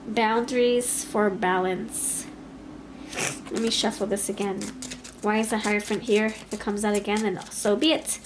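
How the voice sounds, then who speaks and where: A woman giving a pick-a-card tarot reading in an expressive, chatty way, talking aloud to Spirit as she goes. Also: medium pitch, normal speed, background noise. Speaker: tarot reader.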